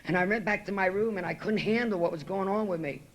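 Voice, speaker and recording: At a podium in a meeting room, a woman tells her recovery story bluntly, profanely, and with real emotion. Her voice is medium-pitched and she talks quickly.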